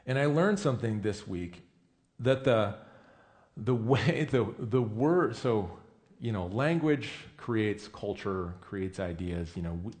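Low-voiced man preaching conversationally. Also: darkish tone. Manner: conversational, self-correcting, emphatic. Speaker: pastor. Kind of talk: sermon.

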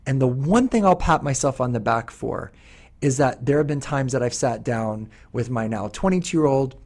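A middle-aged man in casual podcast chat, earnest and a little rambling. He restarts his sentences often, and his voice carries a husky, breathy texture. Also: mid-range voice, expressive, moderate pace, darkish tone. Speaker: podcast host.

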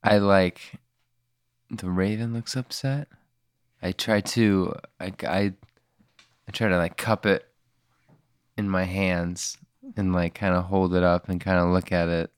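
A man's voice: sits low, level tone, measured pace, pauses often, smooth, no room sound, clean studio sound. A man playing in an improvised tabletop game, talking hesitantly with lots of stammers and fillers. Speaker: player.

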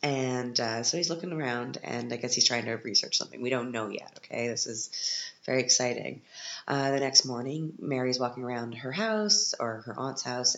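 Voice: mid-range voice, a bit bright, highs cut off. Sarcastic podcaster in an echoey living room. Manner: sarcastic, rambling with asides. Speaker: podcast host. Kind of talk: casual film recap.

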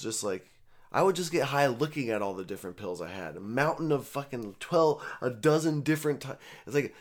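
A young man telling a rambling, profane story in casual speech, with lots of filler words. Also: fairly low pitch. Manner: profane, rambling, animated retelling.

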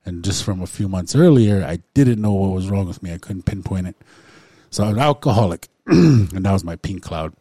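A deep, mellow male voice telling his own story in a recovery circle. He talks in a halting way, with many fillers and frequent throat-clearing. The sound is close and dry. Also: lively intonation, dry recording. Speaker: recovery group member sharing. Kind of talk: personal testimony in a recovery circle.

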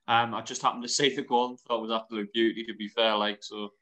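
Bright-toned, hesitant young man. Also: medium pitch, flat delivery, fast talker, rough recording. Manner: hesitant, lots of fillers and "like". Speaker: podcast co-host. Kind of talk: casual chat.

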